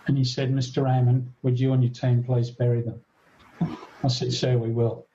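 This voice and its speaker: An older man, a retired police detective telling a story in a podcast interview, earnest and halting with frequent restarts. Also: medium pitch, flat delivery, dark tone, highs cut off, slight background noise. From Australia.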